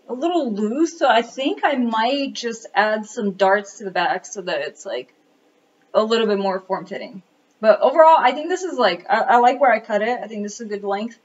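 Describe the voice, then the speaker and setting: A woman's voice: a little high, muffled recording. A woman vlogging a sewing project at home, thinking aloud casually with lots of "like" fillers and a self-deprecating manner.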